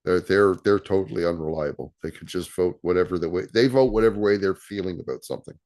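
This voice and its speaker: Low-voiced man explaining casually. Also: quick pace, darkish tone. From Canada. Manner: repeats words and restarts while explaining. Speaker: guest. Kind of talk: casual conversation.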